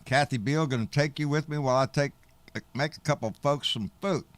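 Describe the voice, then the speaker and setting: A man's voice: medium pitch, fairly quick, no echo. A middle-aged man, hosting a casual livestream in a rambling, folksy, profane way and answering viewers' comments. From Texas. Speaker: livestream host.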